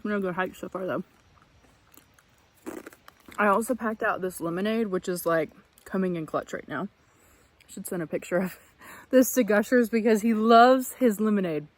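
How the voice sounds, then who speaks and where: A woman's voice: medium pitch, rough recording. A woman vlogging solo on a wooded trail, chatty and rambling, out of breath as she hikes and talks into a handheld camera. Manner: chatty, rambling, quick to laugh. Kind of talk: casual vlog monologue.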